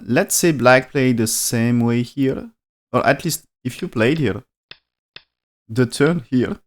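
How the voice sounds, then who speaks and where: Male go commentator, live-stream review, non-native English, halting and thoughtful delivery. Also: medium pitch, a little mellow. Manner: hesitant, thinking aloud with frequent restarts; speaks non-native English with dropped articles. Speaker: go game commentator.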